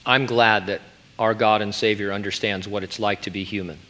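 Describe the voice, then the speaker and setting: A man's voice: fairly low pitch, fairly even intonation, fairly quick, sharp tone. A middle-aged man who is a pastor, preaching an earnest, emphatic sermon.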